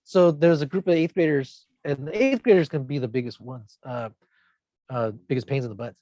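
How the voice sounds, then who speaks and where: A man's voice: mid-range voice, brisk, dark tone, dry recording. Dry-sounding man telling school stories. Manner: rambling anecdotes, acts out quoted kids with shifts in tone. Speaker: podcast co-host, middle school teacher. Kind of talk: casual chat, storytelling.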